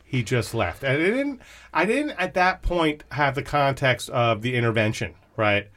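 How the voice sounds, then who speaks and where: A man hosting a podcast, telling a story about an old friend in animated, casual chat, swearing and restarting often. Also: mid-range voice, normal speed. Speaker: podcast host.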